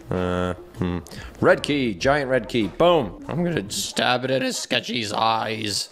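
Male gaming host, mid pitch, very animated delivery, joking with the audience. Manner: excitable, jokey, talks to viewers as "guys". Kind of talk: casual gameplay commentary.

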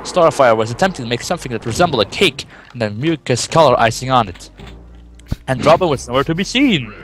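A man's voice: mid-range voice, animated, brisk, fairly bright tone, slight background noise. A young man reading fan fiction aloud in a casual way, breaking off with amused, laughing asides. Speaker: reader.

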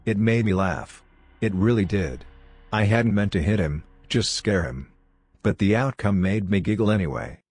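Deep-voiced man narrating a horror story. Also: expressive, normal speed, a little mellow, slightly rough, no echo.

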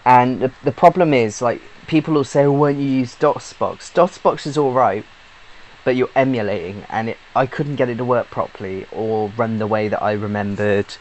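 A British man in a middle-pitched voice chats through a rambling update, full of fillers, restarts and casual swearing. A faint hiss of noise sits under the recording. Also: normal speed, darkish tone, low-quality recording. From Britain. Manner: chatty and swears freely, with many fillers and restarts. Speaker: YouTube gamer.

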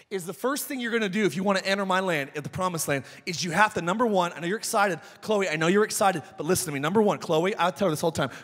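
A man in his thirties preaching a sermon as pastor, telling animated stories with shouted peaks. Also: sits high. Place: church sanctuary. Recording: church hall reverb.

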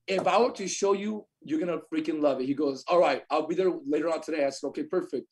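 A young adult man telling a lively story as a podcast guest, acting out what others said. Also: a little high, fairly quick, hardly any pauses. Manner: animated storyteller, acts out quotes. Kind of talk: storytelling in casual chat.

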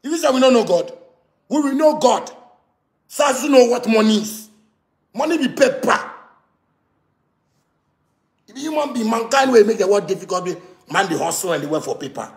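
A man with a Ghanaian Pidgin English accent delivering a heated, repetitive rant that swings from shouting to muttering. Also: extremely high pitch, animated, a little fast, gravelly, reverberant. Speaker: musician ranting to camera. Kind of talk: angry rant.

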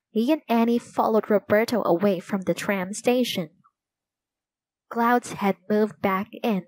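Woman reading a children's storybook slowly. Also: mid-range voice, darkish tone, dry recording, poor audio. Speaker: storybook reader. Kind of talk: reading a children's book aloud.

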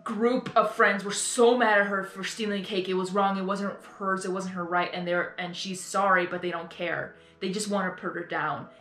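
A woman's voice: mid-range voice, steady tone, normal speed, few pauses, fairly bright tone. A woman reacting live to an audio drama, ranting earnestly and rambling, and often apologizing for going on. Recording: echoey room, faint music behind.

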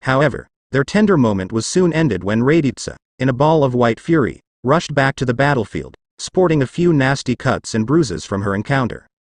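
A man narrating a fan fiction story with an expressive, dramatic reading. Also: mid-range voice, moderate pace, few pauses, no echo, studio quality.

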